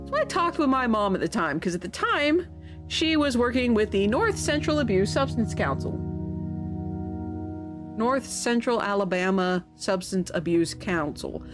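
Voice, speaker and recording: A woman streaming a game, reading its text aloud and telling stories in a chatty, animated way. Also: a little slow. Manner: chatty, animated storytelling with sudden pitch jumps. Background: background music.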